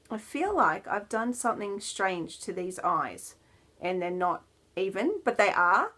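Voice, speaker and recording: A woman hosting a knitting podcast in a casual, rambling chat, with self-deprecating laughs and soft asides that drop almost to a whisper. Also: medium pitch, sing-song, a little slow.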